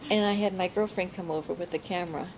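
Older woman, low and gravelly, chatty oral history storyteller who laughs easily. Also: fairly even intonation, fast talker, slight background noise, low-quality recording. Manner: chatty, often laughing while recalling. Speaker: interviewee.

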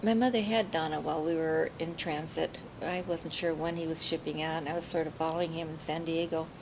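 Older woman, low and gravelly, chatty oral history storyteller who laughs easily. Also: steady tone, fairly quick, noisy background. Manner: chatty, often laughing while recalling. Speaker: interviewee.

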